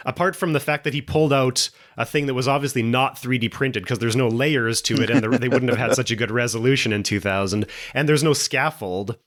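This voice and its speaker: A man's voice: mid-range voice, fairly quick, hardly any pauses, a bit bright. A man chatting on a podcast panel, explaining things in a loose, filler-heavy way. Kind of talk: casual chat.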